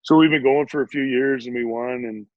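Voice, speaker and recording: A man's voice: mid-range voice, brisk, no echo. Rambling male storyteller, dull dry audio. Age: 40s. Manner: rambling, animated storyteller with many fillers. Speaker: podcast guest, retired hockey player. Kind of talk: casual storytelling in an interview.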